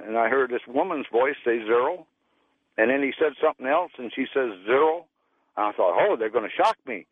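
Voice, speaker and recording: A man's voice: medium pitch, animated, a little fast, dry recording. Folksy male caller on a tinny phone line. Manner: plain folksy storytelling, acts out quoted voices. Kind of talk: telling a personal story by phone.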